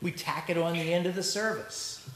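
A man's voice: fairly high pitch, fairly even intonation, moderate pace, fairly bright tone. A male pastor preaching a sermon in a church. He talks in a conversational way and makes joking asides to the congregation. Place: church sanctuary. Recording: echoey church recording with faint noise.

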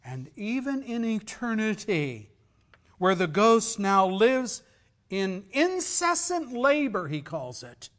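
A male pastor preaching a sermon, swinging from loud emphasis to near whispers. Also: high voice, big pitch swings, takes it slowly.

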